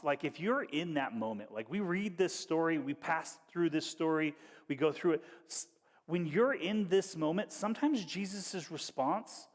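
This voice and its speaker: A man preaching a sermon as pastor, talking in a conversational, wry way that moves between hushed storytelling and animated bursts. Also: a little high, big-room sound. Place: church hall.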